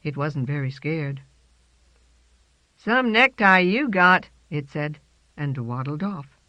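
Low-voiced woman reading a storybook slowly. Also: no room sound. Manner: slow, lilting reading. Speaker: narrator. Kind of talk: storybook narration. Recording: dry, slightly dull recording.

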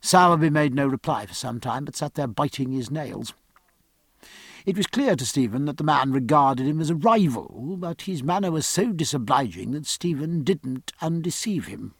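A male audiobook narrator with a measured, literary delivery. His voice is gravelly and husky, and it moves freely in pitch. The recording is close and dry. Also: animated, dry recording. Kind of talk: scripted narration.

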